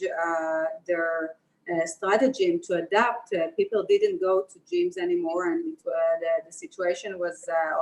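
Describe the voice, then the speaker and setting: Hesitant woman with a low voice. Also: low-quality recording. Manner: hesitant, many fillers and restarts. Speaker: investor panelist. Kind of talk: webinar panel talk.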